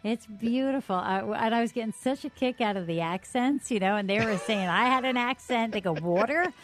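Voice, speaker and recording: A woman giving radio traffic reports and chatting casually, brisk and chatty, on a studio microphone. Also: on the high side.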